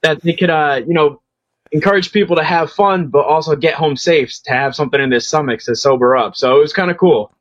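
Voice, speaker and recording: A man on a podcast as a guest, talking in a relaxed, easygoing way and laughing along. His voice sits slightly high. The recording is dry and dull, missing its top end. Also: a little fast, no room sound. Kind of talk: casual interview chat.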